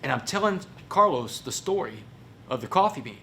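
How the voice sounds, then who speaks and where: A man with a Texan accent giving a motivational storytelling speech. He is animated and folksy, and keeps calling the audience "y'all". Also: a little high, normal speed, a little hiss or hum. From Port Arthur, Texas. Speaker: motivational speaker.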